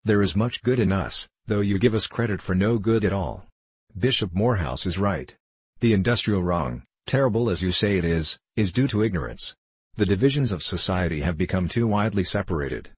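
A man's voice: low-pitched, lively intonation, fairly quick, husky, no room sound. A man reading a proud, indignant young woman. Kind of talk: audiobook character reading.

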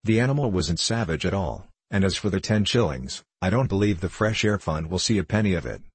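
A man's voice: low voice, lively intonation, brisk, husky, dry recording. A man reading the part of a flustered, genteel middle-aged lady who talks primly and grows exasperated. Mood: indignant. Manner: prim, increasingly exasperated.

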